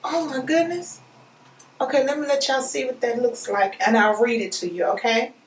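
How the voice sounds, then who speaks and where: A woman vlogger, chatting excitedly with viewers as she unboxes a package. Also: high voice, normal speed, slight background noise. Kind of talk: excited casual unboxing chat. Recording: echoey room, voice a bit far from mic.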